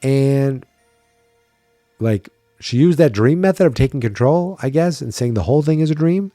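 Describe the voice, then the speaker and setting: A man's voice: mid-range voice, expressive, normal speed, mellow, dry recording, studio quality, faint music behind. A tired man hosting a podcast, chatting wryly and thinking aloud in a casual solo recap. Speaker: podcast host.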